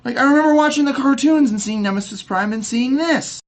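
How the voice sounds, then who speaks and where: A man's voice: very high-pitched, a little fast, background noise. A young man ranting in a casual video review, swearing, heated, often stumbling over his words with repeated restarts. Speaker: movie reviewer.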